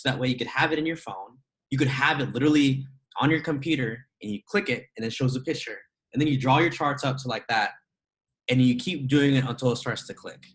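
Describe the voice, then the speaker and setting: A man's voice: mid-range voice, a bit bright, rough recording. Emphatic man, laughs between points. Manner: emphatic, laughs often, rhetorical questions. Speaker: trading educator. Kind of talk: casual motivational talk.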